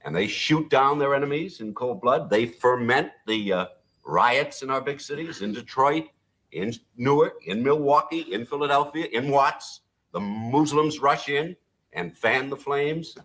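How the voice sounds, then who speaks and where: A man's voice: mid-range voice, lively intonation, a little slow, a bit bright. A man guesting on a television talk show, scornful and accusing, often cutting in. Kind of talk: heated archival TV debate.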